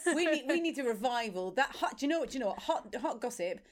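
A woman's voice: high-pitched, expressive, quick pace. A woman guest, a musical comedian, chatting casually on a podcast, with hesitant restarts and stammers. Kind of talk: casual chat.

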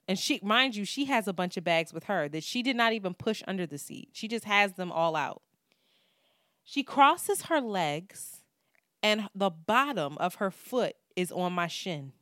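A woman's voice: mid-range voice, a bit bright, no room sound, studio quality. A woman, co-hosting a podcast and telling a story in casual, profane talk, acting out what people said. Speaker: podcast co-host.

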